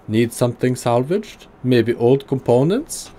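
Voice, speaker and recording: A man voicing a stout, gruff but kindly old tinkerer with a heavy put-on German accent, reading game dialogue. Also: medium pitch, animated, unhurried, dark tone, voice pushed up. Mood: gruff friendly.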